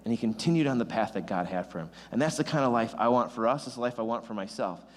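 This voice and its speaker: A young man giving a casual, joking youth sermon, chatty and self-deprecating. His voice sits at a middle pitch, and the long reverb of a large hall trails every phrase. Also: fast. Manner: rambling, self-deprecating, animated. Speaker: youth pastor.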